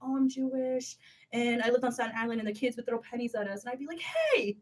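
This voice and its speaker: Female podcaster, high and lively, rapid and excitable. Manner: excitable, laughs a lot. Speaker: podcast co-host. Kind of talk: casual chat.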